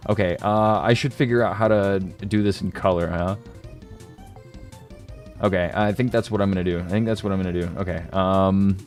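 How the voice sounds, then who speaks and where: Laid-back, low-voiced streamer guy. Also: steady tone, normal speed, darkish tone, faint music behind. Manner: laid-back, slangy, laughs often, self-deprecating. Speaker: game streamer. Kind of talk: casual stream chat.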